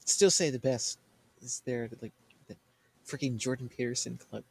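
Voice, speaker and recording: A man's voice: medium pitch, moderate pace, vocal fry, husky. A man chatting casually with friends, telling stories with lots of laughter. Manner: animated storyteller, laughs often. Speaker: podcast host. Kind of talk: casual group chat.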